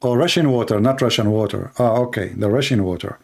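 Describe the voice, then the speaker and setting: A man's voice: fairly low pitch, fast talker, gravelly. Angry man ranting in broken English. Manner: angry, insulting, argumentative; broken, non-standard English grammar. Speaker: commentator reacting to a news clip. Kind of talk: heated reaction commentary.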